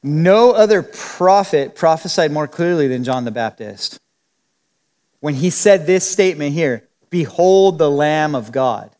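A man's voice: fairly high pitch, expressive, unhurried, a little mellow. A man preaching a verse-by-verse Bible teaching, talking conversationally and acting out the quotes in different voices. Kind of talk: expository Bible teaching sermon. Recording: long hall reverb.

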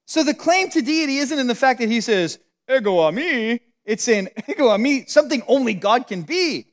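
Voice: medium pitch, lively intonation, moderate pace. A Bible teacher giving a casual, emphatic teaching, talking conversationally with frequent "like" fillers.

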